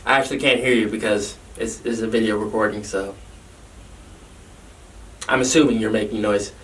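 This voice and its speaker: A man hosting a hyped gaming video, energetic and jokey with self-mocking asides. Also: fairly low pitch, moderate pace, a little hiss or hum. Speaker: host. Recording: distant mic with music. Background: background music.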